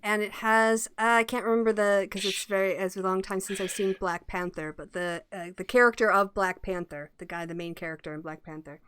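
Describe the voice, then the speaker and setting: A woman hosting a casual online hangout, chatty and quick to laugh. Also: medium pitch, smooth. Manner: laughs often, chatty, animated. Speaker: host. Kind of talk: casual chat.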